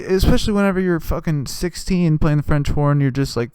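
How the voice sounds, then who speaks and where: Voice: mid-range voice, expressive, quick pace, hardly any pauses, a little mellow, clear, resonant tone, no echo, clean studio sound. A young adult podcast host telling a profane, ranting comic story. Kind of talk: comedic storytelling monologue.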